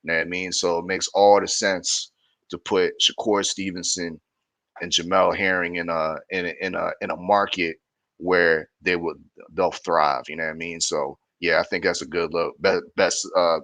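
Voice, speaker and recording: A man co-hosting casual boxing talk, speaking haltingly with many fillers. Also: low-pitched, little pitch movement, bright, forceful tone, dry recording. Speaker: co-host.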